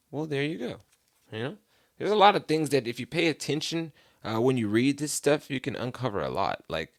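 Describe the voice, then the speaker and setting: A young man walks through a Bible chapter in a casual, chatty way, dropping slang and filler words. His voice sits a bit low. The sound is close and dry. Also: no room sound. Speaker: Bible channel host. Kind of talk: casual Bible retelling and commentary.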